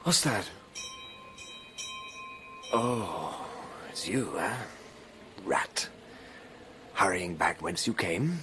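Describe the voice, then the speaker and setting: A man's voice: low-pitched, big pitch swings, very slow, pauses often, noisy background, heavily acted. An actor playing a nervous young male scholar alone at night, talking to himself and easily spooked. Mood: uneasy.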